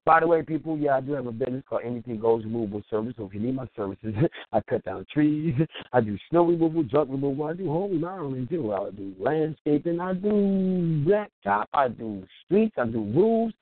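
Animated man on a tinny phone line. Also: medium pitch, a little fast. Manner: lively storyteller who chuckles and acts out other people's voices. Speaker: small business owner on an internet radio show. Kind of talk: animated anecdote and advice.

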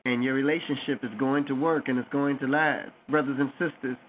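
A man's voice: mid-range voice, fairly even intonation, fairly quick. Man hosting a call-in show, phone line. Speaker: radio talk show host. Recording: tinny phone-line sound with faint noise.

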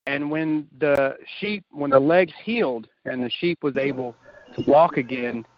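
A man on a group call telling a story in an unhurried, halting way. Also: mid-range voice, highs cut off, a crowd in the background. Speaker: community call participant. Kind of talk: casual group call chat.

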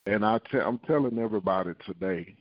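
A man prays and preaches in a low, fervent voice, repeating his phrases. The sound is dry and muffled, like a call-in line. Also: quick pace, no echo. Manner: fervent, repetitive prayer with tongues. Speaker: prophet and preacher. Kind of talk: prayer and sermon on a phone line.

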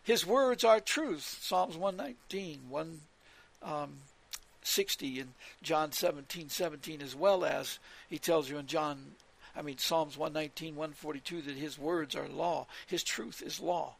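A man's voice: a little high, unhurried, vocal fry. A man preaching on scripture, repeating his points with emphasis and citing verses as he goes. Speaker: religious radio teacher.

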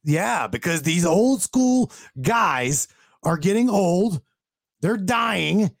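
A high-pitched man talking with a very lively, bouncing voice. He gets worked up, swears freely and keeps restarting his sentences, recorded close and dry. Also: slow, gravelly, dry recording. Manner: excitable, swears a lot, stumbles and restarts. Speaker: beer hauler, union truck driver. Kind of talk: casual chat.

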